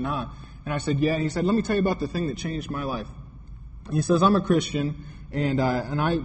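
A man preaching a sermon, telling a story with quoted dialogue and building to emphatic points. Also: on the high side. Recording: long hall reverb, faint noise.

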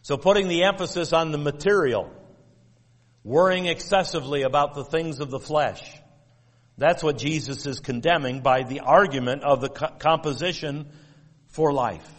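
Man, preacher, measured and emphatic sermon, church hall echo. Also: fairly high pitch. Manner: measured, emphatic, repeats key phrases.

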